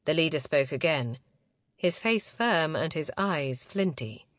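A woman reading a novel aloud as narrator, in a measured, close and intimate way. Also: low voice, lively intonation, dry recording. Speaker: audiobook narrator. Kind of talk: scripted narration.

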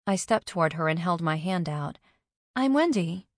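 A woman reading a first-person audiobook in a measured, even way. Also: deep voice, no echo, studio quality.

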